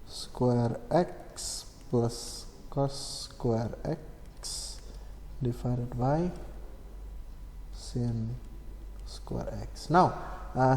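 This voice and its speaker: A man explaining a maths problem step by step, slow and methodical, with many fillers and self-corrections. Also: mid-range voice, warm tone. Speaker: maths tutor. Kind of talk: screen-recorded maths lesson. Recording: echoey room with long reverb, faint hum.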